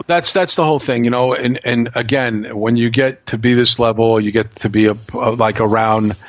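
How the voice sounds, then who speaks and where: A man's voice: mid-range voice, steady tone, normal speed, dry recording. A man talking bluntly as a guest in a casual podcast chat, swearing and telling stories.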